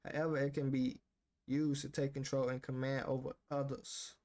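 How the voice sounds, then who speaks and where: A man's voice: medium pitch, little pitch movement, normal speed, a little mellow. A man casually reading a self-help book aloud and reacting to it in slangy, talk-back commentary. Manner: slangy, talks back to the text, reads passages aloud then riffs.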